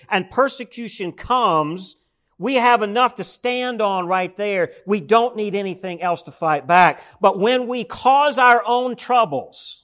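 High-voiced male pastor, storytelling sermon, calls out to the congregation. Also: a bit bright.

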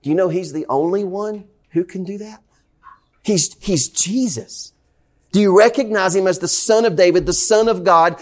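High-voiced Southern man preaching a sermon. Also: moderate pace. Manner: conversational, repeats questions to the congregation. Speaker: pastor. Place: church sanctuary.

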